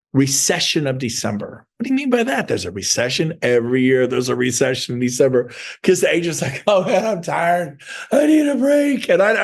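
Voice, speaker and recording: Middle-aged man, gravelly, emphatic motivational speaker with loud peaks. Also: mid-range voice. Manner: animated, emphatic, swings to shouted bursts. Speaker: motivational speaker for real estate agents. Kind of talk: energetic motivational talk.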